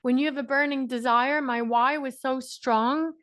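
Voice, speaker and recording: A woman's voice: high-pitched, steady tone, moderate pace, fairly bright tone, no room sound, studio quality. An Irish woman giving an emphatic, repetitive motivational talk to a group on a coaching call, laughing often. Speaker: business coach.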